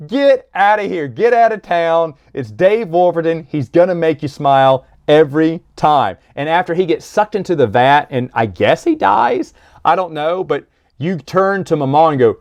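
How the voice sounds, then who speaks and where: A man recapping old adventure books in a casual chat, enthusiastic, laughing at the jokes and acting out quotes with quick asides. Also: fairly high pitch, lively intonation, a little mellow, dry recording. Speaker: book reviewer.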